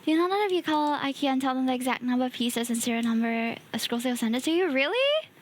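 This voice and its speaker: A woman streamer chatting casually and easily while building a kit at her home desk, often laughing softly. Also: high voice, racing, a little hiss or hum.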